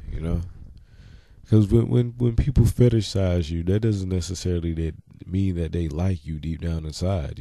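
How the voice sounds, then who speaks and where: A man's voice: low-pitched, dark tone, no room sound. A man with a mild Jamaican accent speaking bluntly in a casual monologue, with frequent "you know" asides. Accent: Jamaican, mild in plain talk. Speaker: vlogger.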